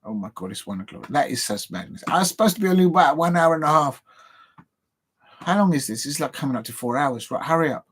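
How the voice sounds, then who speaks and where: A man's voice: on the high side, animated, quick pace, slightly rough. A man from England hosting a live football show, casually rambling through match predictions and chatting to his viewers. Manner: rambling, self-deprecating, talks to viewers.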